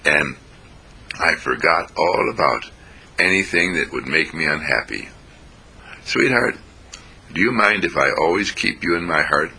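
A man voicing an affectionate grandmother who speaks gently and tenderly. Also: very deep voice, lively intonation, measured pace, gravelly, long pauses, breathy edge, full character voice. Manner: gentle, tender, warm-hearted.

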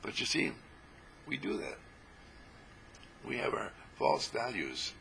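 A man giving a rambling spiritual talk to a small group, animated and often laughing as he acts out little scenes. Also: fairly low pitch, slow pace, vocal fry, slight background noise, low-quality recording. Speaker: spiritual teacher.

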